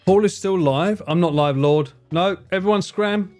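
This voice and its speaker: A man's voice: high-pitched, moderate pace, a little mellow, soft background music. A young man livestreaming, casually bantering with his chat in a playful, sweary, teasing way. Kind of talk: casual chat with live stream viewers.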